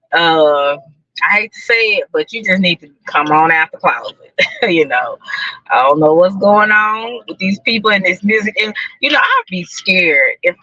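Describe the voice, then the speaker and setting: Lively, bright-voiced chatty woman. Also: mid-range voice, no room sound, dull audio. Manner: chatty, repeats herself, laughs often. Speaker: live streamer chatting with viewers. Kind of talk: casual live-stream chat. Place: parked car outside a building.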